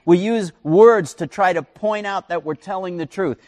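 A man preaching a sermon as pastor, with animated delivery, swinging his pitch and volume and acting out quotes. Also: normal speed, in a large hall.

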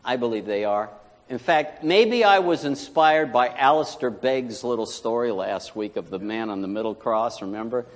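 A man preaching a sermon as pastor, animated, swinging from loud preaching to quiet asides. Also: mid-range voice, normal speed, long reverb tail.

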